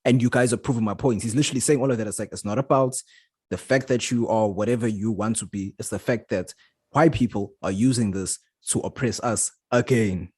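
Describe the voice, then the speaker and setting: Husky-voiced man explaining on a podcast. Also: fairly low pitch, a little fast, a little mellow, no room sound, studio quality. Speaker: podcast co-host. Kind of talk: casual chat.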